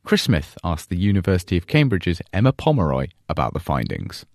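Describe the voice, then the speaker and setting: A man presenting a science podcast, reading a scripted introduction in a measured, upbeat way. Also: deep voice, big pitch swings, darkish tone, no echo, studio quality. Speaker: podcast host. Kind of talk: scripted show narration.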